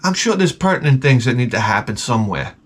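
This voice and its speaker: A man hosting his vlog, telling a profane comic story in an animated rant full of stammered restarts. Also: medium pitch, fast, a little hiss or hum. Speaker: vlogger host.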